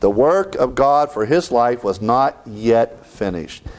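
A man preaching a sermon, reading scripture and swinging between raised lines and hushed ones. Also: medium pitch, lively intonation, takes it slowly, slight background noise.

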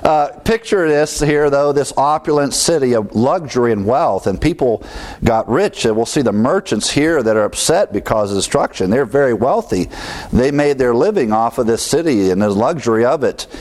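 A man's voice: mid-range voice, animated, normal speed, darkish tone. Guy preaching a bible lesson, chatty, lots of asides, chuckles to himself. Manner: conversational, with fillers and asides, chuckles at own remarks. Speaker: pastor. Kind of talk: Bible teaching sermon.

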